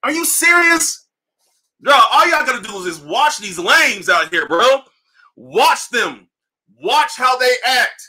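A man hosting a livestream, ranting in a casual, profane way, animated and repeating himself. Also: very high voice, measured pace. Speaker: livestream host. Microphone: livestream mic.

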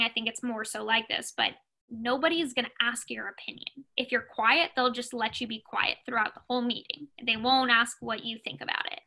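Bright-voiced young woman, chatty. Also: a little high, low-quality recording. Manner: chatty, many fillers like "you know" and "like". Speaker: sports agent, podcast guest. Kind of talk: casual interview talk.

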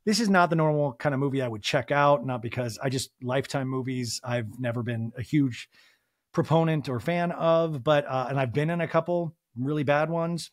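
A man's voice: medium pitch, normal speed, no room sound, clean studio sound. A man hosting a reality TV recap podcast, chatty and profane with lots of fillers and asides. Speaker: podcast host.

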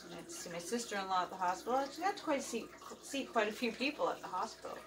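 Talking rapid-fire with lively intonation and a medium pitch, a middle-aged vlog host rambles casually, leaning on ums and uhs. Running water can be heard, and the mic is distant.

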